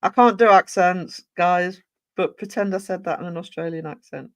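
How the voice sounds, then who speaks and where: Speaking in a mid-range voice at a moderate pace, this streamer rambles through a casual session with no room sound. Chat messages get read out and viewers thanked, with plenty of fillers, restarts, and self-corrections along the way.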